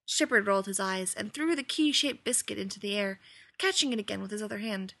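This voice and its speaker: A woman reading a story aloud in an expressive, lively way. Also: medium pitch, a little fast, creaky, no room sound. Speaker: reader. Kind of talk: storybook narration.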